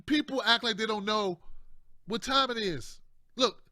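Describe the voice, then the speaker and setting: A man's voice: high voice, measured pace, sharp tone, no room sound, studio quality. A man hosting casual political commentary, talking in a slangy, repetitive, chatty way with frequent laughs.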